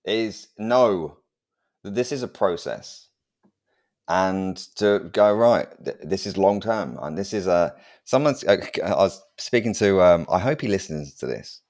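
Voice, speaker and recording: A man with a lowish voice co-hosting a casual podcast. He talks earnestly and with emphasis, urging commitment, and drops in casual swearing. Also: animated, a little slow, a little mellow. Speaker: podcast co-host. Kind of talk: casual chat.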